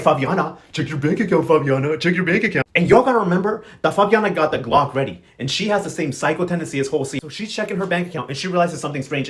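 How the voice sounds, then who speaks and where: Guy doing a sassy soap recap, talks quick, kinda high, tons of slang. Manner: sassy, slangy, playful quoting of characters. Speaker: novela recap host. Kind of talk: casual recap commentary.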